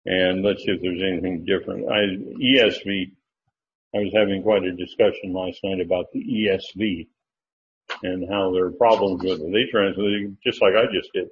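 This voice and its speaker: A man's voice: deep voice, steady tone, normal speed. A man teaching a Bible study lesson in a casual, thinking-aloud way, checking his sources as he goes. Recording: dull lo-fi recording with faint noise.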